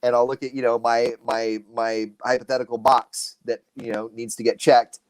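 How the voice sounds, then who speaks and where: A man in his forties co-hosting a casual live stream, telling stories with animated energy. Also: normal speed, no room sound. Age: 40s. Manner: animated storytelling, lively pitch. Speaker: co-host.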